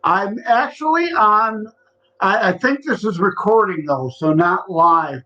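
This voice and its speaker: Male podcast co-host, easygoing and folksy, sharp bright tone, remote call. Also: high-pitched, animated, measured pace, highs cut off. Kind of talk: casual chat.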